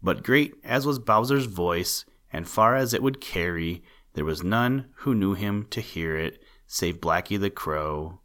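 A man narrating a children's animal story in a measured, gently emphatic storytelling manner. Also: low voice, expressive.

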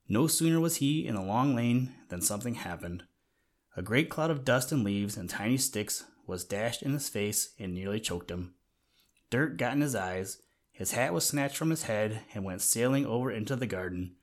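A man reading a children's storybook aloud in a gentle way, talking to the listener now and then. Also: medium pitch. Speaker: narrator.

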